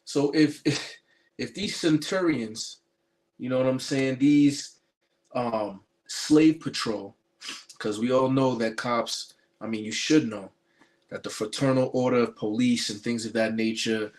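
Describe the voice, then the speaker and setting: A man's voice: medium pitch, a little slow, darkish tone. A man preaching in a spiritual commentary. His delivery is emphatic and insistent, with frequent um and uh fillers and stumbling restarts.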